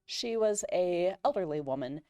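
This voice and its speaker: A woman's voice: fairly low pitch, expressive, normal speed, mellow, dry recording. A woman player improvising a tall tale in character at a live game panel, playful and rambling with fillers.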